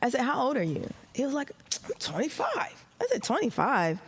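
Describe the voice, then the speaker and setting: A woman's voice: on the high side, quick pace, slightly rough. A middle-aged woman, a stand-up comedian, chatting on a podcast and telling a story with lots of acted-out dialogue and laughter. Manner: animated storyteller, acts out dialogue, laughs often. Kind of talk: casual podcast chat.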